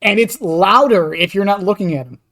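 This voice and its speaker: Rambling mid-pitched podcast guest. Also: a bit bright. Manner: quick, rambling, lots of fillers and restarts. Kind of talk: casual gaming podcast chat.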